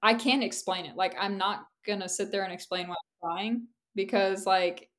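A woman's voice: mid-range voice, steady tone, moderate pace, a bit bright. Young woman, podcast co-host, casual chat, candid and rambling, laughs a lot, lots of "like". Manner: candid, rambling, laughs often, many "like" fillers.

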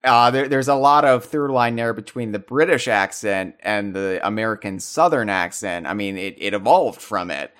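A man's voice: on the low side, lively intonation, normal speed, hardly any pauses, fairly bright tone, clear, resonant tone. A man co-hosting a podcast, rambling enthusiastically with frequent restarts as he talks through his thoughts. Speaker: podcast co-host. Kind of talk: casual chat.

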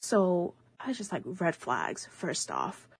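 A woman's voice: fairly low pitch, slow pace, gravelly, slightly rough, dry recording. A young woman co-hosting a podcast, telling a long story in a casual, rambling way and acting out what others said. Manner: rambling, animated, quotes others in their own voices. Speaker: podcast co-host.

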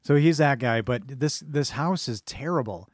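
A man's voice: medium pitch, dry recording, studio quality. Rambling man chatting about films. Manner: rambling, halting restarts. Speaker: podcast co-host. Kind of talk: casual film discussion.

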